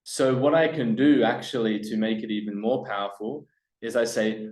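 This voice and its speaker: A man presenting a workshop to a live audience, emphatic and coaching, swinging between loud points and hushed asides. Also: on the low side, moderate pace, reverberant, rough recording. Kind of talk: live seminar teaching to a room.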